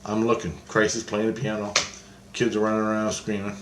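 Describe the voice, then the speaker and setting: A man's voice: fairly low pitch, completely flat delivery, brisk, reverberant, noisy background. A man giving a rambling first-person account of a spiritual vision, restarting and repeating his phrases as he goes.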